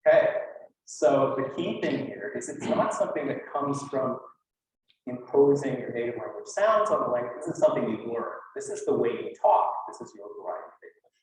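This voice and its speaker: A man's voice: mid-range voice, lively intonation, brisk, far from the mic. A man giving a conference talk in a loose, chatty way, with many fillers and asides. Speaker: lecturer. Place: lecture hall. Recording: echoey hall, from afar.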